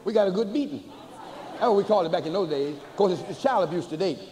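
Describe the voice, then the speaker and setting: Older male preacher, high voice, church echo. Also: expressive, over a noisy crowd, heavy background noise. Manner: folksy, humorous, rising to slow chanted emphasis. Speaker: bishop preaching. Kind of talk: sermon. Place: large church before a congregation. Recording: hall reverb with faint ambience, cassette.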